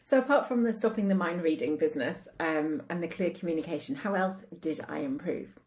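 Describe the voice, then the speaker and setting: Chatty woman coach with a mellow voice. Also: lowish voice, brisk. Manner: chatty, acts out quoted voices, frequent fillers. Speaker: relationship coach. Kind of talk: casual talk to camera.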